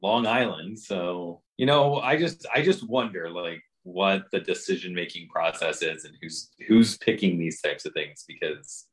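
A man's voice: low voice, measured pace, few pauses, a bit bright. A man co-hosting a podcast, chatting casually about his team's schedule with many fillers and restarts. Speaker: podcast co-host. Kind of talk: casual sports chat.

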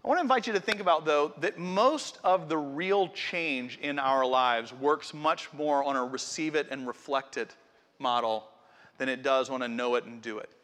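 A man's voice: medium pitch, moderate pace, fairly bright tone. A middle-aged man preaching a sermon in a conversational, earnest way, speaking directly to his congregation. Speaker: pastor. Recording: long hall reverb.

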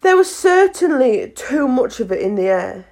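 A woman narrating a children's classic in a clear, measured reading voice. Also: high-pitched, big pitch swings, a little mellow, a little hiss or hum. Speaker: audiobook reader. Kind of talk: storybook narration.

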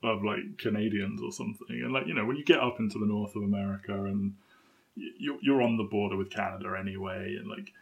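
A man's voice: lowish voice, a bit bright. A man co-hosting a film podcast in casual, chatty talk, laughing often between points. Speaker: podcast co-host.

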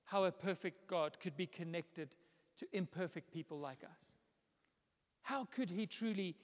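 A man in his thirties, a pastor, preaching a sermon in a church auditorium in a conversational, animated way. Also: sits high. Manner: conversational, animated storytelling with laughs. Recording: long reverb of a large hall.

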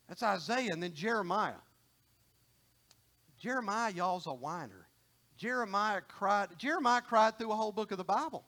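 A man's voice: sits high, sharp tone. A middle-aged man preaching a sermon in a folksy, conversational way, often repeating and restarting phrases.

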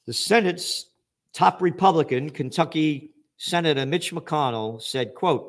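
An older man hosts a commentary show, delivering an angry political rant full of sarcasm and swearing. His voice is fairly high, animated and unhurried.

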